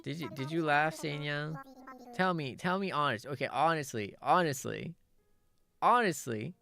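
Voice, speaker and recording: A woman's voice: low voice, normal speed, creaky, fairly bright tone, faint music behind. A woman streamer in casual, rambling chat while gaming, laughing at herself often.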